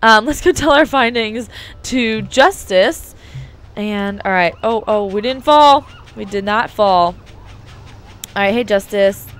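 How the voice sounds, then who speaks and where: A woman's voice: mid-range voice, slow pace, clean tone. A young woman chatting casually with lots of fillers as she plays a video game. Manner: chatty, filler-heavy, excitable. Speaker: let's play host. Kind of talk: casual gameplay commentary.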